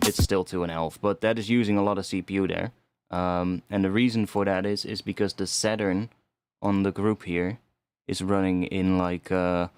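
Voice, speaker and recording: A man's voice: sits low, a little mellow, clean tone, dry recording. A young man casually talking through his music production on a live stream, rambling and restarting his sentences as he thinks aloud, with some mild swearing.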